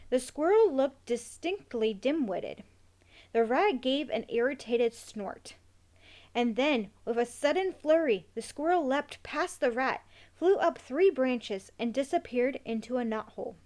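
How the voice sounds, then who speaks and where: A woman narrating a children's novel in a measured, expressive storytelling voice. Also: on the high side.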